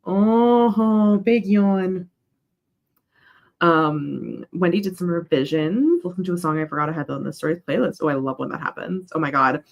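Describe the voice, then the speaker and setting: A woman's voice: deep voice, a little fast, creaky, hardly any pauses, dull audio. A young woman hosting a casual co-working stream. She rambles between chat messages and coos at her dog. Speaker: writing livestream host.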